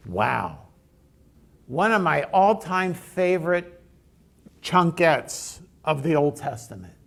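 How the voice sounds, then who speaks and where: Pastor, male; gravelly, slow-paced conversational sermon storyteller. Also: fairly high pitch, very animated, a bit bright.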